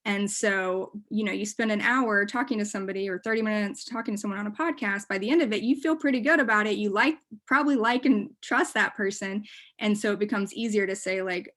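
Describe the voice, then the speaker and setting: A woman's voice: mid-range voice, brisk, fairly bright tone. A woman giving a casual presentation to a room, chatty and full of fillers and asides. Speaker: workshop speaker.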